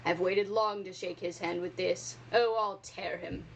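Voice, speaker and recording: A woman voicing a menacing, brooding male pirate captain in a storybook read-aloud, speaking in a dark, threatening way. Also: on the high side, lively intonation, moderate pace, slight background noise, low-quality recording.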